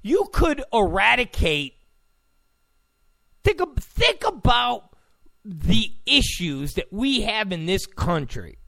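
High-pitched, gravelly sarcastic man ranting. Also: very animated, slow pace, pauses often, bright, forceful tone, dry recording, clean studio sound. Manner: sarcastic, mocking, blunt. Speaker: political commentator. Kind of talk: ranting political commentary.

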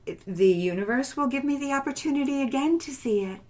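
A woman guest, a transformational coach, telling personal stories in a gentle, reflective way that often drops to a hushed whisper, with light laughter. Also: high-pitched, expressive, brisk. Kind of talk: heartfelt personal storytelling interview.

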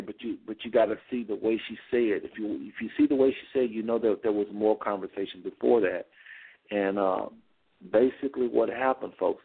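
A man's voice: lowish voice, vocal fry, husky. A man hosting a show, telling a rambling story in a folksy way and talking straight to his listeners. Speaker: host. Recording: phone-line sound.

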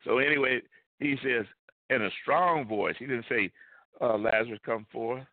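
A man's voice: medium pitch, a little slow, no room sound. A male pastor preaching a sermon with emphasis, repeating key phrases. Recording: tinny phone-like line, dry.

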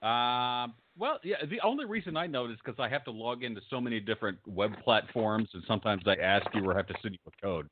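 Co-host, middle-aged man, lowish voice with wide swings, deadpan humor, dry lo-fi phone-like sound. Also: fast, few pauses, dry recording. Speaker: podcast co-host. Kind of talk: casual chat.

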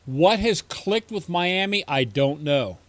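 A man's voice: a little high, lively intonation, takes it slowly, no room sound. A man co-hosting a fantasy football show, trading casual, joking banter. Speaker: fantasy sports show co-host. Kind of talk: casual sports talk.

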